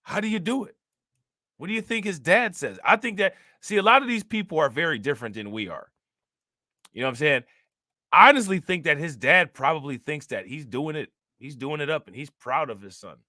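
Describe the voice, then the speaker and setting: A man's voice: on the high side, expressive, a little fast, pushed and bright, no echo, clean studio sound. A man giving casual, slangy reaction commentary on news clips, mocking and talking straight to his viewers.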